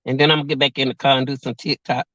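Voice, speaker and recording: A woman's voice: extremely low pitch, little pitch movement, very fast, fairly bright tone, no echo, muffled recording. A woman of about forty chatting on her vlog, laughing often and joking, outdoors by a car on a cold windy day. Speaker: vlog host. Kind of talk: casual livestream chat.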